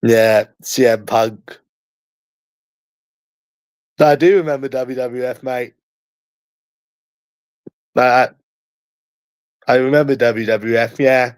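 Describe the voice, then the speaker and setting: London guy chatting slow and teasing, says the same thing over and over, dry close sound. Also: medium pitch, fairly even intonation, clean tone, no room sound. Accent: London English. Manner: repetitive, teasing, slangy. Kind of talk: casual chat.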